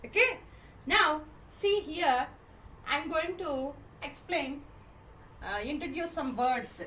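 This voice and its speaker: Slow, high-voiced woman teaching phonics. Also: animated, pushed and bright. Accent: Indian English. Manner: spells words letter by letter, then says them slowly; repeats questions, checks with "okay?". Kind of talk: classroom phonics lesson. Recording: echoey room, mic at a distance, faint noise.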